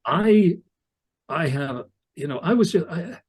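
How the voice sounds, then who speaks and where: Older British man, fairly high voice, easygoing self-mocking storyteller for an interview guest spot. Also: animated, slow, a little mellow, breathy edge. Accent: British English. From England. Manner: chatty, anecdotal, self-deprecating. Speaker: audiobook narrator guest. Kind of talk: casual interview chat.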